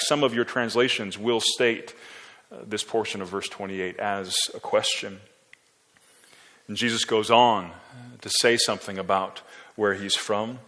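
A man preaching a sermon, explaining scripture verse by verse and building to forceful emphasis. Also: medium pitch. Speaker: pastor. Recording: long hall reverb.

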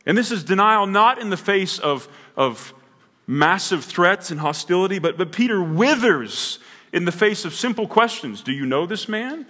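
A man's voice: sits high, lively intonation, normal speed, pushed and bright, big-room sound. A man preaching a sermon in a church, earnest and building to emphatic peaks, often restarting his words. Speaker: pastor. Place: church sanctuary.

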